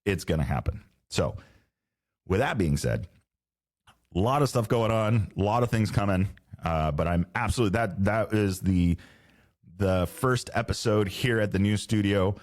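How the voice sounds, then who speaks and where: Podcast host, man, middle-aged, very low voice; casual, rambling, slangy, restarts sentences. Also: expressive, normal speed, darkish tone. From Southern California. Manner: rambling, self-correcting, laid-back slang. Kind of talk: casual solo podcast chat. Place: home podcast studio.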